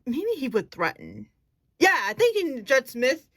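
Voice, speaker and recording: A woman's voice: high voice, wildly swooping pitch, moderate pace, a bit bright, no room sound. A woman casually explaining her acting technique. She thinks aloud, searches for words and corrects herself as she goes. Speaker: acting student.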